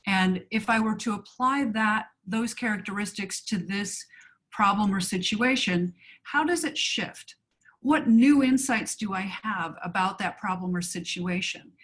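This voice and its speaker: A woman's voice: mid-range voice, a little slow, fairly bright tone. A woman coach and former actor co-hosting a webinar, explaining ideas conversationally with frequent fillers and acted example lines.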